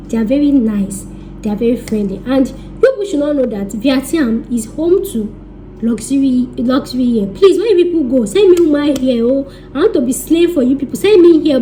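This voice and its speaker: A young Nigerian woman chatting to camera in a casual vlog, her voice high-pitched yet soft and mellow. She teases and speaks straight to her viewers, dropping into pidgin as she goes. A faint hiss of noise sits under her voice. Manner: chatty, teasing, addresses viewers directly, slips into pidgin. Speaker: vlogger giving relocation advice.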